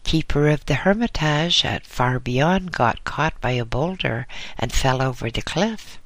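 A man voicing a short, very fat male monk messenger who is chatty and wheezy, in a high-pitched voice. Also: lively intonation, a little slow, a bit bright, no echo. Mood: gossipy.

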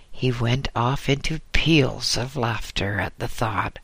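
A man narrating an audiobook in a slow, measured way. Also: mid-range voice, a bit bright, no echo.

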